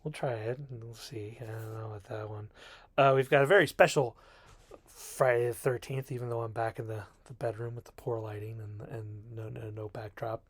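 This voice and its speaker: A man's voice: mid-range voice, steady tone, normal speed, breathy edge, dry recording. A man giving a rambling, jokey film review from his bedroom, often poking fun at himself. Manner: rambling, self-mocking, jokey. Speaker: video reviewer. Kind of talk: casual film review monologue.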